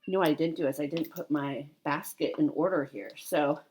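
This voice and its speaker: A woman's voice: sits low, brisk, a little mellow, breathy edge. A woman in her forties chatting casually to viewers as a cross-stitch vlogger, rambling along with fillers and self-corrections. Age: 40s.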